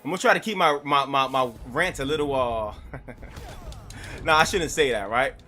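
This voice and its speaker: A man's voice: medium pitch, moderate pace, bright, forceful tone. A young man, chatting casually while streaming a game, rambling and swearing with self-mocking laughs. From New York. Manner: rambling, profane, laughs at himself. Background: game music.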